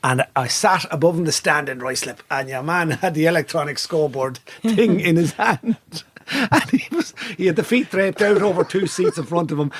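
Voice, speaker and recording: A man's voice: a little high, lively intonation, moderate pace, husky, dry recording. A middle-aged Irish man, a podcast co-host, telling a rambling, sweary story and laughing through it. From Ireland. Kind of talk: anecdotal storytelling chat.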